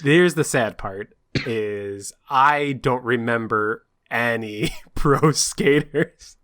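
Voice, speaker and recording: A young man co-hosting a casual podcast, excitable, laughing often and slipping into silly voices. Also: medium pitch, very slow. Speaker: podcast co-host.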